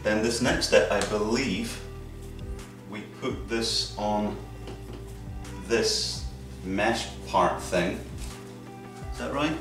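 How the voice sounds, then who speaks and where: A man's voice: on the low side, very slow, recorded from a distance. Chatty man thinking aloud in a workshop. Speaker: maker vlogger. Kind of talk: casual workshop narration. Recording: roomy sound with music behind.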